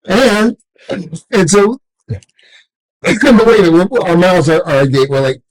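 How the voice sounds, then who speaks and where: A man's voice: sits high, expressive, unhurried, poor audio. A man on a casual panel talk, cutting in and stressing names and facts. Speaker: panel co-host.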